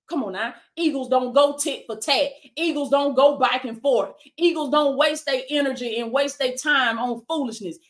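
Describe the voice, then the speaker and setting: On a livestream, a woman with a high, somewhat bright voice preaches a motivational sermon. A life coach and preacher, she calls out to her viewers with "come on now" and "baby" and reads their comments aloud.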